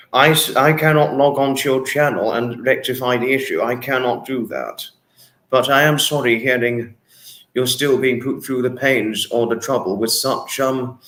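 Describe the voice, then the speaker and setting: A man's voice: mid-range voice, fairly bright tone, echoey room. A man from England hosting a casual livestream, effusively greeting viewers by name and swearing freely as he reads their comments. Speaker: livestream host.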